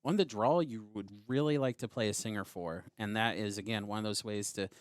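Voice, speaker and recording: Low-voiced man analyzing card game plays. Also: fairly quick, no room sound, clean studio sound. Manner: explanatory, walks through plays step by step. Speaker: game commentator.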